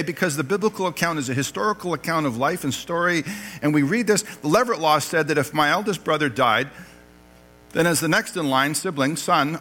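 Bright-voiced joking preacher. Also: male voice, on the high side, rough recording. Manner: animated and joking, laughing at his own lines. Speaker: pastor. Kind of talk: sermon. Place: church.

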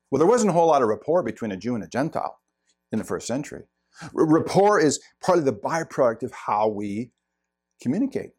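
A man's voice: mid-range voice, a little mellow. A middle-aged man preaching a sermon, earnest and emphatic, repeating words for stress. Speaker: pastor.

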